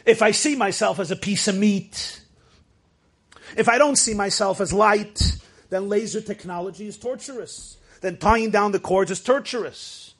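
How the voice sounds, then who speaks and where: Brief: high-pitched male Torah teacher, emphatic, storytelling delivery with Yiddish and Hebrew phrases. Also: normal speed, breathy edge. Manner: emphatic, rises to shouts for stress. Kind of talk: Torah class lecture.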